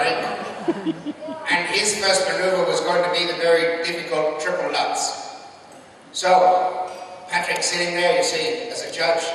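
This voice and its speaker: A man's voice: fairly high pitch, a bit bright. A man doing a stand-up routine at a work function, telling crude stories with brash punchlines. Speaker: comedian. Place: large function hall at a work event. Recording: echoey hall from far off. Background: audience laughter and room noise.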